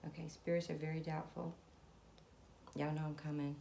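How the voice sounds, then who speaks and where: A woman with a low, level, creaky and mellow voice gives a casual tarot reading to camera at a moderate pace, chatting directly to her viewers and calling on spirit. The room is echoey with background noise.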